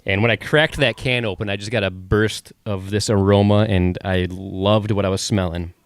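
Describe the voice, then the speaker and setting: A laid-back man with a lowish voice, recorded dry and close. He co-hosts a casual beer-review podcast, giving brief replies with dry humor. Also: fairly even intonation, moderate pace, no room sound. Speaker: podcast co-host.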